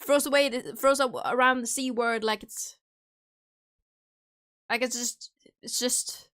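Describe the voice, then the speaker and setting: A woman's voice: a little high, steady tone, measured pace, pauses often, fairly bright tone. A young woman streamer chatting casually and jokingly while chewing candy, rambling through her thoughts. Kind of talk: casual livestream chat.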